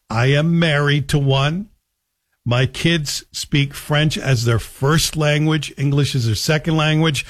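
A man's voice: a little high, fairly bright tone. Sarcastic male talk radio host. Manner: sarcastic, joking. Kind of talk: radio monologue.

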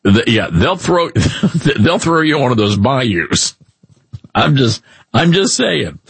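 A middle-aged man hosting a radio talk show, chatting in an animated, joking, rambling way. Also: medium pitch, slow pace, vocal fry, slightly rough, no room sound. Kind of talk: casual opinion talk.

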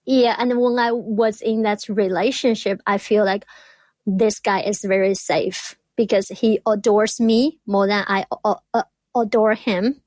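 A woman's voice: medium pitch, fairly even intonation, a little mellow, no echo. A woman in her thirties who stutters, a doctoral student speaking openly and reflectively as an interview guest. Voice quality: stutters, with repeated words. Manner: slow, reflective and open. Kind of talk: candid interview talk.

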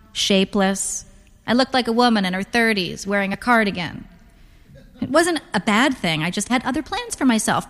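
Woman reading fiction with reverb. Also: medium pitch. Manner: dry, deadpan delivery. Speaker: narrator. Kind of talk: first-person literary fiction reading. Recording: long reverb.

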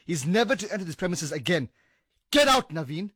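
A man's voice: sits high, very animated, brisk, fairly bright tone, husky, no room sound, studio quality, heavily acted. An actor playing a protective new partner who orders a drunk man out, firm and stern.

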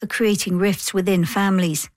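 A woman correspondent narrating a broadcast news report in a steady, composed way. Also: medium pitch, moderate pace, dry recording, clean studio sound.

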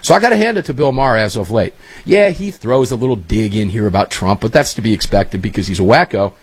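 A man's voice: on the low side, animated, fast, slightly rough, no echo. A man hosting a talk show, chatting casually and rambling through stories. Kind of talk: casual chat.

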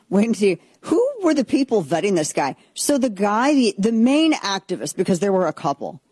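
A woman hosting a political talk show, giving blunt, sarcastic commentary in an animated way. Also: lowish voice, husky, no room sound. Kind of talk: opinionated commentary.

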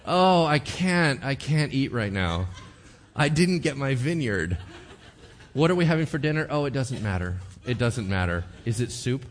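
A man's voice: mid-range voice, big pitch swings, moderate pace, a little hiss or hum, close to an everyday voice. A man voicing a sulking, self-pitying ancient king who whines about not getting his way. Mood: sulky. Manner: whiny, mopey.

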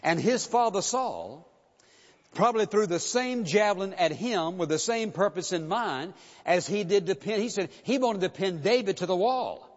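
A man's voice: high voice, expressive, normal speed. A man preaching a sermon, reading scripture aloud and pressing his listeners with questions. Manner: expository preaching, reads scripture then challenges hearers. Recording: dull sound with long reverb of a hall.

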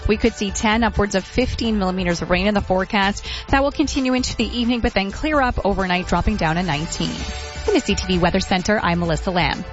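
A woman reading the weather forecast on the radio in a brisk, even delivery. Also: mid-range voice. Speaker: weather presenter. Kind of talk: scripted weather report. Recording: dull broadcast audio with faint music bed.

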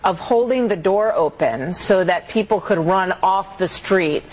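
A woman interviewer in a news segment, asking quick, inquiring questions. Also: medium pitch, a little mellow, breathy edge, rough recording.

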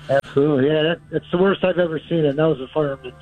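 A man's voice: on the high side, fast, faint music behind. A man calling in to a radio show, chatting casually and laughing often. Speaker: caller. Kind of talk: casual radio call-in chat. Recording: tinny phone line.

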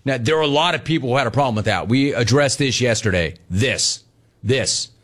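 Man, sports talk host, playful riffing, medium pitch. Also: expressive, a little fast, fairly bright tone. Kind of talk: casual sports talk, reading listener messages.

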